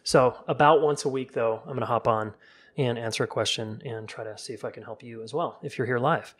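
A man's voice: medium pitch, a little fast, slightly rough. Casual man giving relationship advice. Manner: casual, relaxed, talks straight to viewers; acts out calm sample dialogue in a soft voice. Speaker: relationship coach. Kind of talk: casual live-stream advice.

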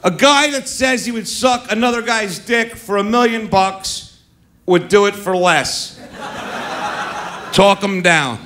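A man's voice: high voice, takes it slowly, bright, forceful tone, a little hiss or hum. A middle-aged man doing a stand-up comedy set on a club stage, brash and profane, baiting the crowd into a handheld mic.

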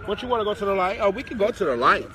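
A man's voice: high voice, animated, very fast. A man hosting a casual live stream outdoors on a city street and filmed on a handheld phone. He talks in a sassy, dramatic way, full of endearments and swearing. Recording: busy street crowd noise.

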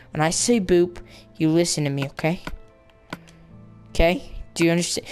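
Young woman, gaming channel host, casual and playful commentary, slightly low voice. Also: steady tone, moderate pace, darkish tone, soft background music. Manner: playful, chatty, talks to in-game animals in a squealing baby voice.

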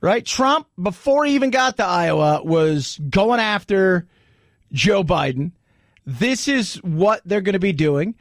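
A man's voice: sits high, expressive, unhurried, dry recording, studio quality. A man hosting a political commentary show, talking in a loose conversational way with rhetorical asides. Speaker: host.

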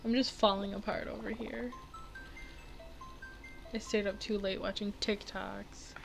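A young woman giving rambling, giggly, excitable casual commentary while she plays a video game, with faint game music behind her. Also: mid-range voice, unhurried, vocal fry. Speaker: gaming video creator.

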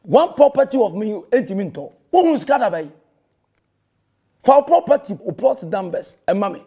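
A man's voice: high voice, sing-song, normal speed, warm tone, breathy edge. A Ghanaian man, a pastor, delivering a heated and confrontational rebuttal that scolds a rival and mixes in English phrases.

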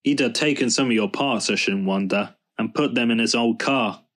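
A man's voice: medium pitch, normal speed, close to an everyday voice. A man voicing a kindly male mechanic in a storybook reading, reassuring in manner and firm when crossed. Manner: warm and reassuring, stern when angry.

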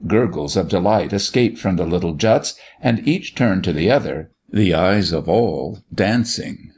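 A man narrating a story in expressive, scripted storytelling. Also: low-pitched, unhurried, husky.

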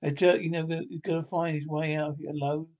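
A man's voice: fairly high pitch, flat delivery, quick pace, darkish tone. A man reading a film script aloud by himself, voicing every character with urgent, clipped lines. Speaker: script reader.

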